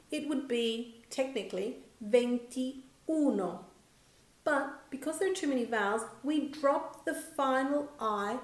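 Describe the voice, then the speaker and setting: A woman with a fairly high voice gives a scripted grammar lesson at an unhurried pace. She says each example word slowly and deliberately, taking care with every syllable. The voice carries a noticeable roomy echo. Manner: slow, clear, careful enunciation of example words. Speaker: language teacher.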